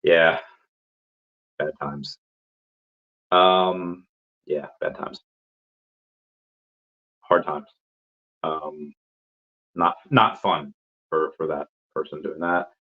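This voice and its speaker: A man's voice: extremely low pitch, extremely slow, long pauses, narrow, tinny audio. A man hosting a casual crypto livestream, reading chat comments and rambling with lots of fillers and repeated words.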